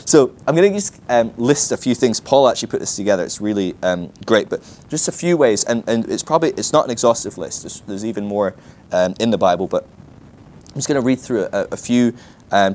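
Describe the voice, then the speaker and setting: A young man giving a casual, animated teaching talk at a ministry school, often acting out the quoted voices. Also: lowish voice, slight background noise.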